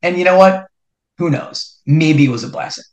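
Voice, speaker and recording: A middle-aged man from New Jersey, hosting a podcast and telling a personal story in an animated way, building suspense with repeated rhetorical questions. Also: fairly high pitch, moderate pace. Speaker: podcast host. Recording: roomy echo.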